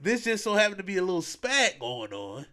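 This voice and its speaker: A man's voice: high-pitched, brisk. A man hosting a podcast, retelling events in casual chat, full of slang and acting out what people said. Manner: animated storytelling, acting out quotes, heavy slang. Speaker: podcast host.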